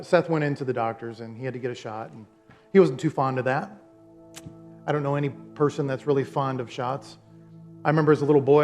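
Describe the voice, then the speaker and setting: A man preaching a sermon as pastor, telling stories and repeating phrases as he makes his point. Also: medium pitch.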